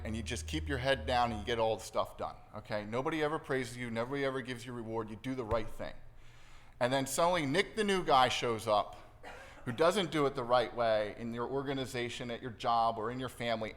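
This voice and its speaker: A man preaching a sermon in a conversational style. He keeps checking in with his listeners and acts out inner voices with changes in pitch and loudness. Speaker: pastor.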